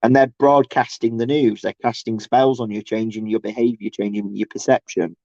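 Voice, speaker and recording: This man's livestream rant is loose and halting, full of restarts and sarcastic high-pitched mockery of others. His tone is steady, his voice dark and mellow, and the lo-fi recording sounds dull, close and dry.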